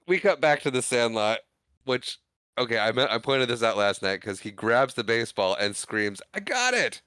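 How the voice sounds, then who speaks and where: A man's voice: medium pitch, normal speed, clear, resonant tone, dry recording, studio quality. A man co-hosting a podcast, casually recapping a movie scene by scene and acting out the characters' lines. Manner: animated, acts out characters' lines while retelling scenes. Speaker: podcast co-host.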